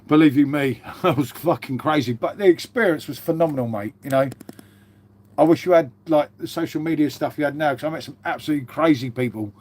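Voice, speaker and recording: A man's voice: a little high, brisk, darkish tone. A man in his fifties hosting a casual live stream, rambling through stories, swearing freely and calling everyone mate. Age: 50s.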